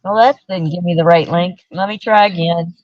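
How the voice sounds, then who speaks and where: A soft-spoken man with an English accent, hosting a casual livestream chat and joking with a guest. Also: high voice, steady tone, normal speed, no room sound, lo-fi sound. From England. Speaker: livestream host.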